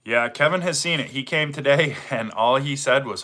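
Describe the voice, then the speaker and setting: A middle-aged man with a Maine accent, hosting a relaxed livestream, greeting viewers by name and chatting with plenty of fillers. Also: medium pitch, brisk, few pauses. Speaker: livestream host, firewood seller. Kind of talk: casual livestream chat reading viewer comments.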